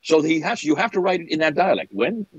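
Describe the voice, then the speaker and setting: A middle-aged man holds forth as a guest, his pitch leaping up and down as he builds his case. His voice has a light husky edge, and the sound is dry and close. He keeps asking, half incredulous, whether you are following. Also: big pitch swings, quick pace, no echo, lo-fi sound. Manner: incredulous, asks if listener follows. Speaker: guest speaker. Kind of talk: animated explanatory talk.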